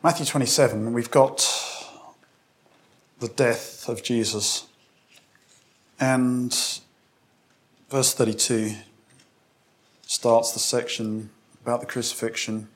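A man's voice: medium pitch, fairly even intonation, takes it slowly, pauses often. Guy preaching a sermon, chatty and reflective, reading bible verses out with some punch. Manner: reflective, reads scripture aloud with emphasis; conversational with restarts and direct questions to congregation.

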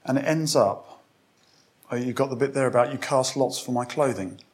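A man's voice: mid-range voice, moderate pace, darkish tone. Man preaching a reflective sermon. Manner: reflective, reads scripture aloud with emphasis; conversational with restarts and direct questions to congregation.

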